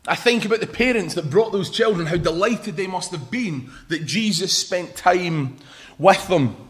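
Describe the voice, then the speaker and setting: A man's voice: high voice, lively intonation, normal speed. A young man preaching a sermon in an informal, joking way, telling a story to the congregation. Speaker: pastor.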